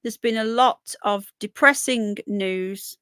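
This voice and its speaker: Reading through viewer comments, a British livestream host chats and rambles, greeting people in the chat by name. She speaks slowly in a medium pitch with a fairly bright, clean tone, recorded at studio quality without echo.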